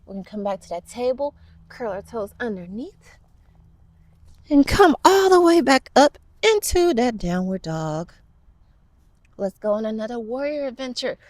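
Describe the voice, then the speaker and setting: A woman's voice: a little high, darkish tone, no echo. A woman teaching a children's yoga class, guiding poses with upbeat, playful encouragement while moving along. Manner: talks along as she moves through poses.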